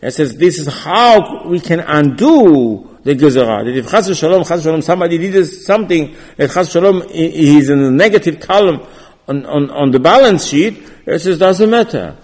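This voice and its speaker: A man's voice: fairly high pitch, animated, moderate pace, darkish tone. Man teaching Torah in a reverberant hall. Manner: repetitive, conversational, restarts words, acts out dialogue. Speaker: rabbi teaching a Torah class. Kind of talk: informal religious lecture.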